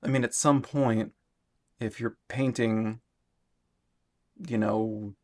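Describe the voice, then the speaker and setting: A man's voice: lowish voice, steady tone, slow, darkish tone. A man casually narrating a voice-over for his painting time lapse, rambling and self-deprecating as he explains his process.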